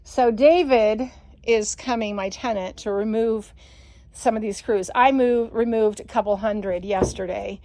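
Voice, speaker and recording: Swearing, frustrated woman, fairly high voice. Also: fairly even intonation, measured pace, mellow. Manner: frustrated, swears constantly, ranting. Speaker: dog breeder. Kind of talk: casual vlog walkthrough. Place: outdoors on a home deck.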